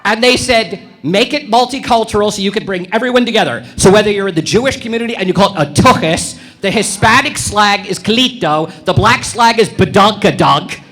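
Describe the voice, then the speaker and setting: On a club stage, a male stand-up with a high, bright voice works the room brashly and provocatively, delivering punchlines deadpan. His handheld stage mic picks up a brisk delivery with hardly any pauses.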